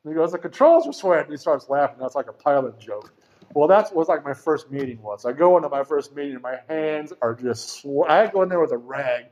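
Telling his recovery story at a meeting, a middle-aged man speaks briskly in a voice on the high side and a little mellow. He rambles, talks frankly, and swears casually, all on a dull lo-fi recording.

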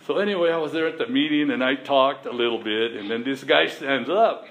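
A middle-aged man sharing his recovery story in blunt street talk, swearing and getting animated as he retells it. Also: mid-range voice, brisk, rough recording. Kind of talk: personal story at a recovery meeting.

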